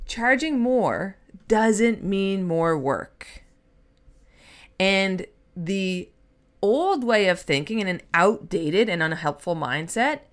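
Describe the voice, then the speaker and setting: A woman's voice: fairly low pitch, a bit bright. A woman in her thirties hosting a solo business podcast, chatty and emphatic, acting out quotes in playful voices. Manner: chatty, emphatic, puts on voices when quoting. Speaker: podcast host and business coach.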